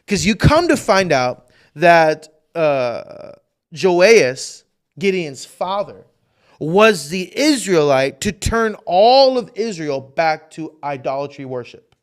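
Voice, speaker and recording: A man's voice: on the high side, big pitch swings, takes it slowly, smooth. A male pastor preaching a livestreamed sermon with fervent intensity, repeating phrases for emphasis.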